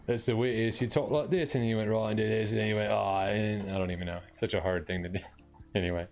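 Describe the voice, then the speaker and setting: A man's voice: lowish voice, steady tone, quick pace, a little mellow. A man from Long Island, New York, chatting casually and rambling with lots of fillers as he wraps up a live coding stream. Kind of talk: casual chat to viewers.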